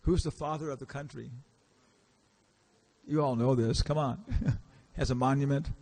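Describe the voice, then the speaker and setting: A man's voice: medium pitch, steady tone, moderate pace, creaky, darkish tone. A man giving a casual, storytelling lecture in a temple hall, acting out the characters he quotes and asking the audience questions. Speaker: visiting lecturer.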